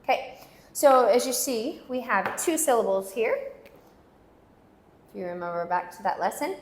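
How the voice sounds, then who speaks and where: A woman teaching a language lesson, patiently repeating words slowly so learners can follow. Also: on the high side, lively intonation, a little hiss or hum. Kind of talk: slow pronunciation lesson.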